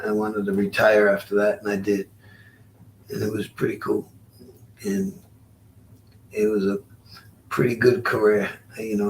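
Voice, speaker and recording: A man in his sixties, a former boxer, telling stories as an interview guest in a halting, rueful way, often repeating his words. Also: lowish voice, recorded from a distance, slight background noise. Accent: Rhode Island. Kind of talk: storytelling interview.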